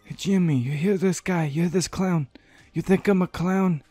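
A man's voice: high voice, normal speed, dark tone, soft background music, pitched above the performer's own voice. A man putting on the voice of a hot-tempered male mob boss, talking in a threatening wiseguy drawl. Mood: needling.

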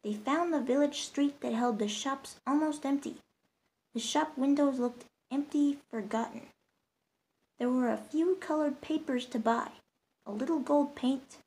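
Woman, storyteller, storybook narration, high-pitched, gentle, steady. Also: measured pace, poor audio.

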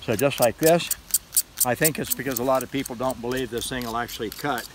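In this casual product demo vlog, a knife seller shows off a folding credit card knife, rambling in a chatty way and chuckling whenever he fumbles. His mid-range voice moves at a brisk pace against a noisy background.

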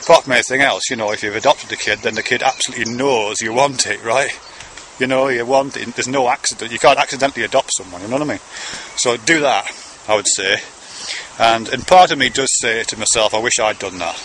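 A man's voice: medium pitch, fast talker, a bit bright, slight background noise. A man talking to his son in a meandering, conversational monologue, swearing casually now and then. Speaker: father speaking to his son. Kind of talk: rambling monologue to camera.

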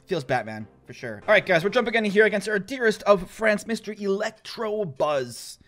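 A young man talks through a mobile game match in a chatty, self-mocking way and laughs often. His voice sits a little high and swoops up and down with lively energy. Faint music plays behind him. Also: brisk. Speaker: gaming YouTuber. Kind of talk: casual gameplay commentary.

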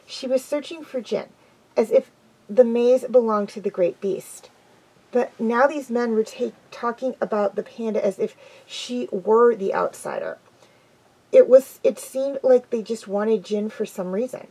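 A woman's voice: on the high side, measured pace, dark tone, slightly rough, low-quality recording. A woman reading a children's adventure story aloud, with an unpolished delivery that stumbles and restarts now and then.

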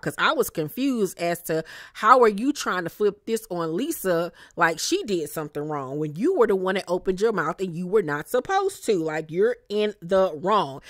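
Slangy, animated woman recapping. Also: lowish voice, dry recording, clean studio sound. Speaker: reality TV recap host. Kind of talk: casual commentary.

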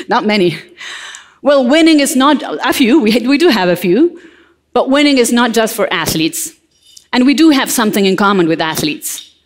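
A woman from Argentina, giving a lively motivational talk on stage and addressing the audience directly. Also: on the high side, moderate pace, long pauses. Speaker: motivational speaker. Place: large hall on stage.

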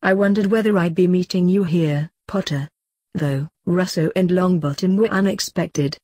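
A woman's voice: lowish voice, normal speed, no echo, natural voice. Quirrell, a cold smug villain teacher, read by a woman. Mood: coolly smug. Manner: calm, coolly mocking.

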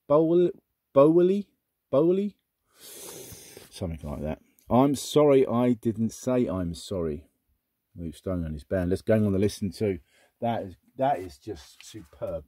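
Husky, mellow-voiced man chatting to camera. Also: lowish voice, dry recording. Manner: chatty, rambling, thinks aloud, bursts into excitement. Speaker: record collector host. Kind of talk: casual unboxing chat.

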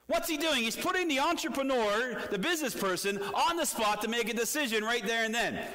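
A male pastor with a high, bright, forceful voice delivers a sermon. He retells a story with animation and keeps turning to the congregation with questions. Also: animated, brisk, hardly any pauses.

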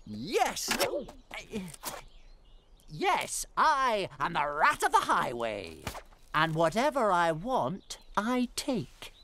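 A woman voicing a greedy, boastful male rat highwayman, demanding and gloating. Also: wildly swooping pitch, drawn-out words, long pauses, background noise, exaggerated voice.

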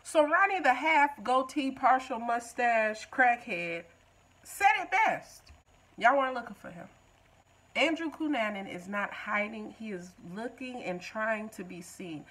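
A woman's voice: on the high side, animated, unhurried, a bit bright, low-quality recording. A woman recapping a TV episode in a casual, joking way, talking back to the show. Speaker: TV recap vlogger.

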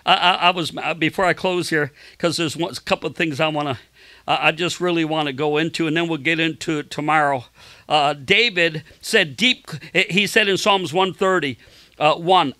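A man's voice: moderate pace, no room sound. A man preaching a sermon with passion, repeating words and restarting often, acting out the people in his stories in a raised voice. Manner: acts out quoted voices in a much higher, louder tone. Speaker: pastor.

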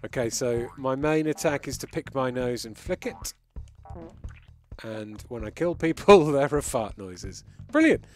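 A man's voice: mid-range voice, lively intonation, unhurried. Man, game streamer, live commentary, chatty, amused, faint music behind. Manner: chatty, amused, reacting as he plays.

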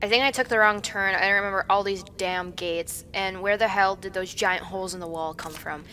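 A woman commentating while she plays a horror game, jumpy and swinging between hushed muttering and panicked yelling. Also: medium pitch, steady tone, brisk, slight background noise. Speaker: gaming video creator.

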